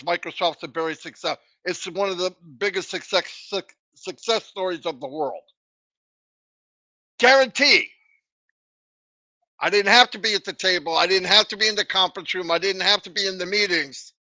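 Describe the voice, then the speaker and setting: A man's voice: sits high, pushed and bright, no echo. A man giving a live motivational talk, emphatic and full of rhetorical questions. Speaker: motivational speaker.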